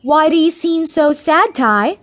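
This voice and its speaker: A woman voicing a cheerful young female mustard seed who talks gently and encouragingly in a children's audiobook. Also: high voice, lively intonation, measured pace, voice pushed up.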